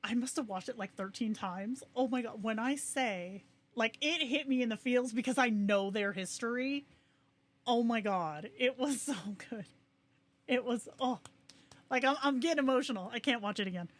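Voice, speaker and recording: Gushing, excitable woman streamer. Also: fairly high pitch. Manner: gushing, excitable, quick asides to chat. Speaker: livestream host. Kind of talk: casual livestream chat.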